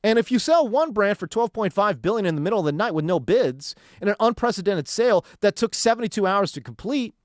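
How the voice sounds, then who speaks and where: A man's voice: high-pitched, sing-song, brisk, hardly any pauses, dry recording, clean studio sound. A man hosting sports talk radio, ranting in a heated, exasperated way and hammering his points with repetition.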